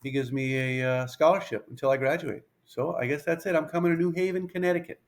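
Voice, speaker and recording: A man in his fifties, a pitching coach telling a story in an interview, lively and anecdotal, acting out bits of dialogue. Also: fast.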